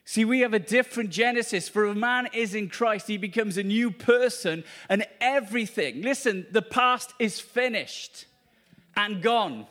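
A man's voice: sits high, a little slow, a bit bright. A man preaching a charismatic sermon at a church meeting, fervent and repetitive, exclaiming to the congregation.

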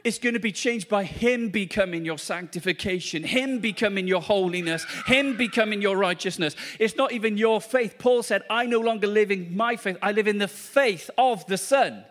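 A man's voice: high-pitched, normal speed, few pauses, fairly bright tone. A man preaching a charismatic sermon at a church meeting, fervent and repetitive, exclaiming to the congregation.

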